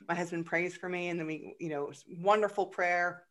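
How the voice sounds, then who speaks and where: A woman guest telling a personal story in conversation, halting and repeating words, then growing lively as the story goes on. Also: lowish voice.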